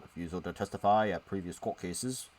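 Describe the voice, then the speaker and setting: A man's voice: sits low, brisk, darkish tone, pitched below the performer's own voice, low-quality recording. A man putting on a stuffy old-time judge, British-sounding. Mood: stern formal. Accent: put-on old British.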